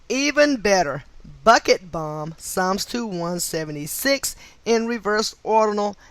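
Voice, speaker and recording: A woman reads a nonfiction book aloud at an unhurried, deliberate pace. Her voice sits in a mid range and is recorded close and dry, with no room sound. She spells out names letter by letter and breaks in with brief asides of her own. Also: mid-range voice, expressive, dry recording. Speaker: book reader.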